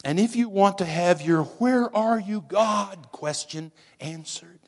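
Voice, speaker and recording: A man preaching a sermon slowly and dramatically, dropping at times to a hushed near-whisper for emphasis. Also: high voice. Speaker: pastor.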